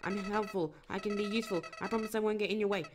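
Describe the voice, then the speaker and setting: Brief: a man putting on a pleading little flower creature from a video game, a higher voice, begging fast. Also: fairly even intonation, soft background music, natural voice. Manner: begging, breathless rush of pleas. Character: small pleading flower creature, two-faced and desperate.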